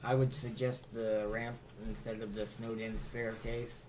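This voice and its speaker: A man's voice: medium pitch, flat delivery, a little slow, a little mellow, a little hiss or hum. A man playing a tabletop game, easygoing and offering suggestions in casual talk. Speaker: player.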